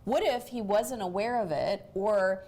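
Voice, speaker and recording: A woman's voice: medium pitch, a little slow, a little mellow. A woman host giving relationship coaching, explaining things and often checking in with "right?".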